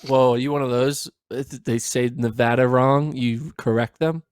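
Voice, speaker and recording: A man with a Northeastern Pennsylvania accent co-hosting a podcast in casual banter, animated and defensive, with stammering restarts. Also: mid-range voice, moderate pace, smooth, no echo, clean studio sound. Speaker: podcast co-host.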